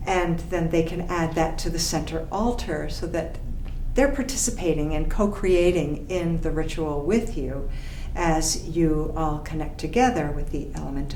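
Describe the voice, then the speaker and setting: A woman teaching frame drum and tambourine, calling out rhythm syllables and guiding gently and calmly. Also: fairly low pitch, a little hiss or hum. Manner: calm, slow, encouraging instruction. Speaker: drumming teacher. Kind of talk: instructional lesson with vocal rhythm counting. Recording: echoey room with tambourine and drum. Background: frame drum and tambourine playing.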